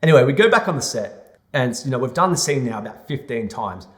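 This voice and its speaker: A young adult man telling a personal story in an animated monologue, acting out the other people's lines. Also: medium pitch, fast talker. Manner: animated, re-enacts scenes with lively quoted voices. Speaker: vlogger.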